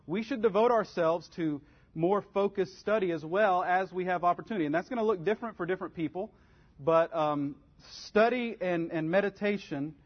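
A man teaching a Bible study class in an earnest, conversational way, giving step-by-step advice. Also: on the high side. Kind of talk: practical church class teaching. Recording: dull lo-fi recording.

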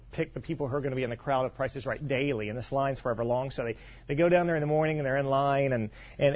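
A man's voice: mid-range voice, lo-fi sound. A man from western Kentucky preaching a sermon in a conversational, storytelling way, with frequent asides and repeated words. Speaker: pastor.

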